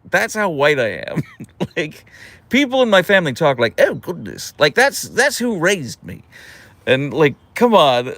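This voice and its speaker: Young male streamer, casual and animated, lively pitch swings. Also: no room sound. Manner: animated storyteller, laughs often. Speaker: livestream host. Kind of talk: casual livestream chat reading comments.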